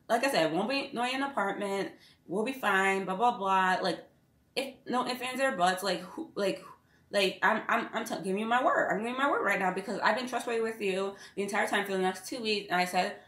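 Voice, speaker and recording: A woman in her twenties telling a casual storytime vlog, animated and sassy as she retells a feud. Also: medium pitch. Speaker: vlogger. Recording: roomy echo.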